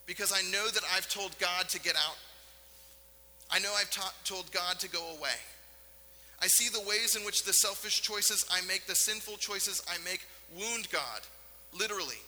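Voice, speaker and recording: A male pastor delivers an earnest, emphatic sermon from a church sanctuary, leaning on dramatic pauses. His voice sits high and rings with a sharp, bright edge. A long reverb trails each phrase, with a faint hum underneath.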